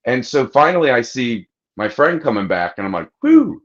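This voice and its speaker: A man's voice: medium pitch, brisk, lo-fi sound. A man on a podcast telling a long story in casual chat, swearing freely and acting out what people said. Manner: profane, animated anecdote-telling, acting out quotes. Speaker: podcast host.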